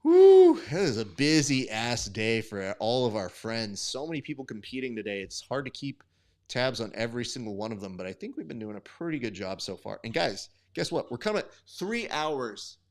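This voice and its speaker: A man's voice: mid-range voice, lively intonation, moderate pace, fairly bright tone. A young man hosting a live stream, giving sport commentary in casual, chatty, profane banter. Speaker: host.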